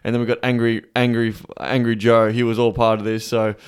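A man hosting a podcast, talking casually, blunt and heavily profane, animated when telling stories. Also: medium pitch, a little fast, smooth. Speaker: podcast host. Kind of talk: casual conversation.

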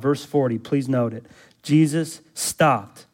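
Speaking at a moderate pace in a mid-range voice, a male pastor gives a church sermon. Rhetorical questions aimed at the congregation lead up to loud and urgent exhortation.

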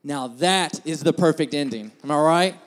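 A man preaching a sermon who is earnest and repeats words as he builds emphasis, moving between hushed scripture reading and loud rising points. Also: on the high side, moderate pace. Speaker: pastor.

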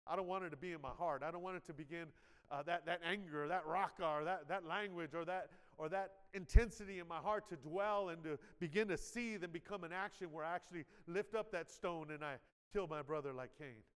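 A man's voice: on the high side, a little fast, clean tone. A male pastor preaching a conversational sermon, often asking "amen" and acting out quoted inner voices. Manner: conversational preaching with frequent "amen" and audience check-ins; acts out quoted inner voices with dramatic shifts in loudness. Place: church sanctuary. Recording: live sermon in a large reverberant church hall.

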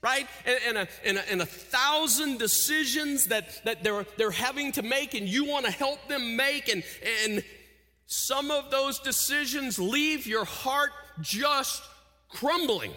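A male preacher with a high, bright, ringing voice, taking his time over every phrase. He falls to near-hushed lows and climbs to loud, pleading cries. Long reverb trails after him through a large hall. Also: very animated, unhurried. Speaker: pastor. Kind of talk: sermon.

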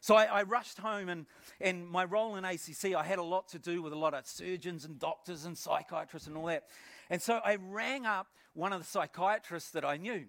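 A middle-aged pastor with a New Zealand accent shares his testimony from the pulpit. His voice sits rather high for a man. He tells his story with animation, acting out the moments and often doubling his words. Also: brisk, vocal fry. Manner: animated storytelling, acts out scenes, repeats words. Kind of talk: personal testimony sermon.

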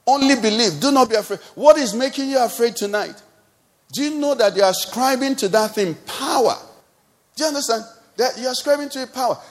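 A man's voice: very high voice, fairly quick. A man with a Nigerian accent preaching a sermon as pastor, building up with repeated refrains. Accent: Nigerian English. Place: church service.

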